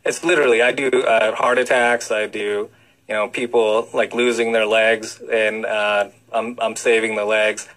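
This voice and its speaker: A man's voice: fairly low pitch, flat delivery, unhurried, fairly bright tone, poor audio. Eager man explaining with many fillers. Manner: enthusiastic, full of fillers. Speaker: cardiologist guest. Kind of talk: radio interview.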